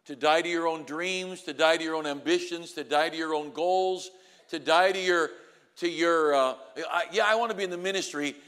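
A male preacher with a slightly high voice delivers a sermon in a big auditorium. He moves between hushed storytelling and loud, climbing exhortation. Long reverb trails every phrase. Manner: swings from quiet storytelling to loud, rising exhortation. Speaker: pastor.

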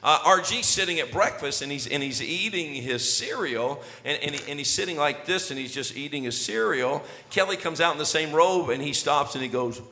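A middle-aged pastor tells comic family stories with lively, playful delivery, acting out each scene. His voice sits a little high and sounds bright. It carries a long echo from a large hall. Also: moderate pace, few pauses, a little hiss or hum. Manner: animated, jokey, acts out scenes. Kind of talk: storytelling sermon intro. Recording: echoey hall reverb.

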